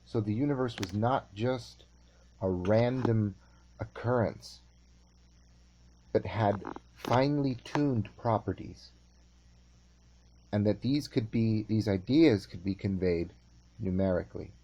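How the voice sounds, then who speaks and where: Male teacher, slow and mellow, measured lecture with restarts. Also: on the low side, slight background noise. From California. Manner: measured and unhurried, with halting restarts.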